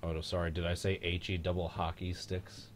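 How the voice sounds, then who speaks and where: Deep-voiced joking young man. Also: a little fast, a little hiss or hum. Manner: joking, excitable, mild swearing. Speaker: host of a live-streamed racing reaction show. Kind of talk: casual live-stream race commentary.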